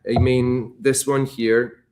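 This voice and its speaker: A man's voice: medium pitch, little pitch movement, slow, a little mellow. A man with a Scottish accent, a whisky brand ambassador talking casually through a tasting, rambling with fillers and restarts. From Scotland.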